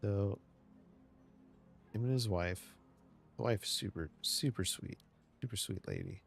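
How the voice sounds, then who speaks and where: Low and rough, this man talks in a loose, rambling way while he builds in a game. His voice sits very deep with a gravelly edge. Soft game music plays behind him. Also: unhurried. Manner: rambling storytelling with many restarts. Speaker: streamer. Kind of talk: casual gameplay chat. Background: faint game music.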